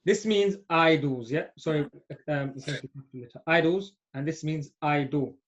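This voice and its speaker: A man's voice: fairly high pitch, measured pace. Patient man teaching grammar class. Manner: patient, checks understanding with "yeah?". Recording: dull lo-fi audio.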